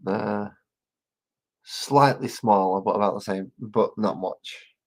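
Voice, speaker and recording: A man with a deep, slightly husky voice talks casually to his live-stream viewers as he paints. He rambles from one thought to the next and jokes with the chat. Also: takes it slowly, poor audio. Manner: rambling, joking, chats with viewers.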